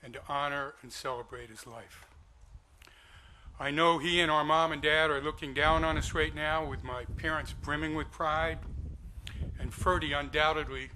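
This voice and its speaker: A man's voice: fairly high pitch, steady tone, normal speed, bright, forceful tone, slight background noise, rough recording. A man speaking formally and graciously at his brother's memorial service. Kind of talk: memorial speech.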